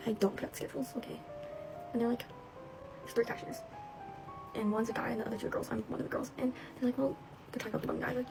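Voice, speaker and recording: A teenage girl rattles off a story quickly, with a gravelly fry running through her fairly high voice. She chats along with lots of fillers and bemused asides, and music plays behind her. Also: fairly even intonation, poor audio. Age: teens. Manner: chatty, filler-heavy, bemused. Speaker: cashier. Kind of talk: casual storytime.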